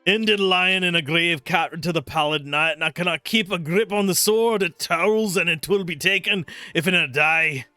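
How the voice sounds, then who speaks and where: A man's voice: sits high, moderate pace, hardly any pauses, bright, forceful tone, smooth, no room sound. A man reading out a dead warrior's eulogy in a put-on Scottish accent, with a strained, throaty, old-fashioned delivery. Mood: anguished. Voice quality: strained, throaty, archaic speech. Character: dying undead warrior's eulogy, male, anguished.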